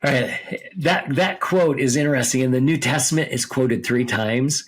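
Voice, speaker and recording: Podcast Bible teacher, male, husky mid-range voice, explains passages step by step and checks in often. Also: mid-range voice, moderate pace. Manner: explains step by step, reads scripture aloud, checks with "okay?" and "right?".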